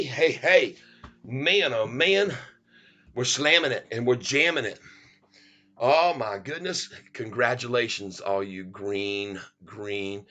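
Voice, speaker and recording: On his stock market livestream, a middle-aged man with a medium-pitched, sharp-toned voice keeps the talk playful and sing-song. He jokes, rhymes and laughs often while hyping up his viewers.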